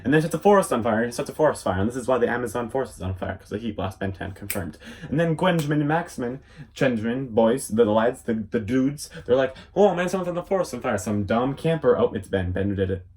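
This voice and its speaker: A young man giving a silly, rambling comedic recap of a cartoon episode, with deadpan asides. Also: mid-range voice, fast. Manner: rambling, goofy, deadpan asides and sudden shouts. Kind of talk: silly comedic episode summary with quick voice impressions.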